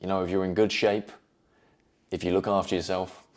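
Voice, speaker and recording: Low-pitched male host, earnest motivational talk, measured delivery. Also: level tone. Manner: earnest, measured, repeats phrases for emphasis. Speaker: self-improvement video host.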